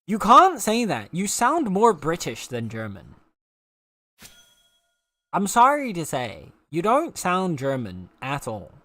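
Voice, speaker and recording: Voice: medium pitch, huge pitch swings, slow pace, sharp tone, no echo. A game streamer chatting casually with viewers while playing, playful and teasing. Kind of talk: casual live-stream chat while gaming.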